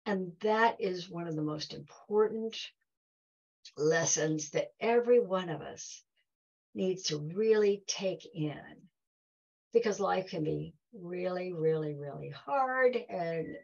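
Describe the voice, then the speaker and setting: A woman's voice: lowish voice, animated, slow pace, gravelly, darkish tone, highs cut off. A woman giving a heartfelt talk to an audience, telling stories and acting out quoted dialogue. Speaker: guest speaker.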